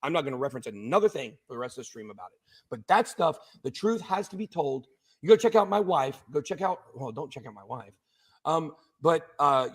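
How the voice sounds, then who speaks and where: A man on a livestream talking to his viewers, emotional and insistent, repeating his points again and again. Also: fairly high pitch. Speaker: streamer.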